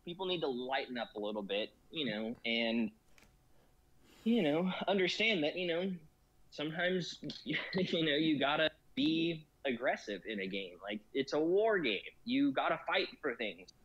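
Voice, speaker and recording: This guest in a laid-back conversation has a fairly high, fairly bright voice with lively intonation and a normal speed. He rambles, dropping "you know" into every phrase, and the lo-fi recording sounds a little dull.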